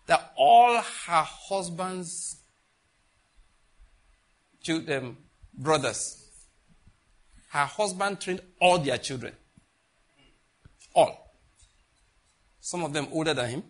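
Husky pastor preaching emphatically. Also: male voice, a little high, expressive, takes it slowly, long pauses. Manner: emphatic preaching, repeats phrases, swings between loud and hushed. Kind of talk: sermon.

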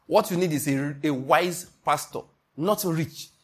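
A pastor preaching an emphatic sermon, often asking the congregation if they follow. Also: male voice, on the high side, measured pace, breathy edge.

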